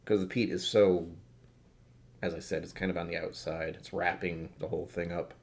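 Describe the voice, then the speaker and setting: Tired, rambling man for a casual whisky vlog; low-ish voice, self-deprecating. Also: little pitch movement, moderate pace. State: tired from poor sleep. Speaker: whisky reviewer. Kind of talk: casual tasting notes to camera.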